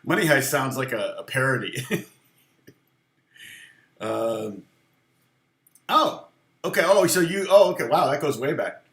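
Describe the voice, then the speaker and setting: A man's voice: mid-range voice, animated, a little slow, pauses often, a bit bright, reverberant. A man teaching guitar on a casual live stream, chatting with viewers in a self-deprecating way and laughing often.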